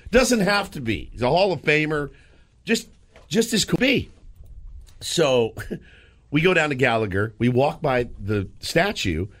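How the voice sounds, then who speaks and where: A man co-hosting a sports radio show, telling a story in a lively, casual way with frequent restarts, in a studio. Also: on the high side, unhurried, long pauses, no room sound. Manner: animated storyteller, lots of restarts.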